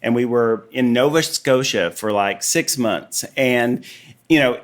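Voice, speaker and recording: A man with a Tennessee Southern accent chats as a podcast guest, easing through stories with plenty of you-knows. His voice sits at an ordinary middle pitch for a man. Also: a little slow. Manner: relaxed storyteller, many you-knows. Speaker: artist and guest. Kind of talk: casual interview chat.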